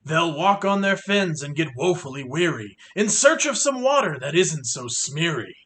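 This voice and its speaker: A man's voice: fairly high pitch, sing-song, moderate pace, fairly bright tone. A man voicing a fussy, scolding little male forest creature in a storybook reading, complaining and coughing.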